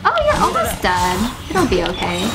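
A young woman giving casual commentary while playing a video game, excitable and swearing, gasping and squealing when her characters are in danger. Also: on the high side, creaky, heavy background noise. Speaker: gaming streamer. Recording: game music playing behind.

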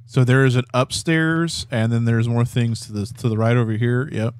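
A man's voice: mid-range voice, fairly even intonation, moderate pace, slight background noise. A man streaming a horror game, chatting casually, laughing easily and reading donations aloud. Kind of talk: casual let's play chat.

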